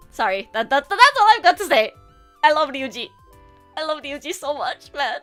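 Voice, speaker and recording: A woman streamer chatting casually and excitedly, with lots of fillers and swings into near-tearful gushing. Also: sits high, normal speed, soft background music. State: emotional, near tears at times. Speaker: VTuber streamer. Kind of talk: casual livestream chat.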